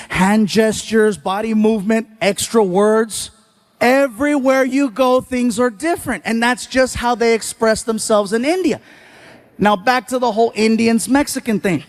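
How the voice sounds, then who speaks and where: A male stand-up comedian telling stories in an animated way and talking to the audience. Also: sits high. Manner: animated storytelling, talks to the crowd.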